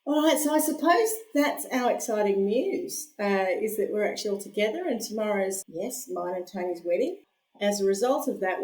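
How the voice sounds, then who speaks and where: A woman's voice: mid-range voice, a little mellow. A chatty woman hosting a casual podcast at home, laughing often and poking fun at herself. Her voice sits in a middling register and carries a noticeable echo off the room. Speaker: podcast host. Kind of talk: casual chat. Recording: echoey room.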